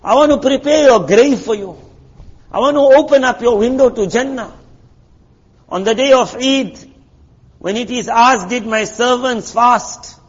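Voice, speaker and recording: A man with a high, husky voice preaches a sermon, talking to his listeners in a chatty, storytelling way. He keeps asking rhetorical questions. The recording sounds muffled and lo-fi. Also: measured pace, big-room sound. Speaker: Islamic preacher.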